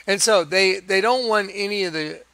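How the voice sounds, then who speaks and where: A man giving a rambling religious monologue over images, in an excitable, emphatic manner with chuckles. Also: high voice, normal speed, vocal fry, no echo. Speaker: video preacher.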